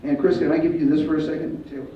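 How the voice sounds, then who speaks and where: A male martial arts instructor leading a school assembly, giving loud commands and calling for the kids to repeat after him. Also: fairly high pitch, level tone, fast talker, a little hiss or hum. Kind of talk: school assembly talk with call-and-response. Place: large school hall or gym. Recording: echoey hall, distant, dull sound, faint crowd.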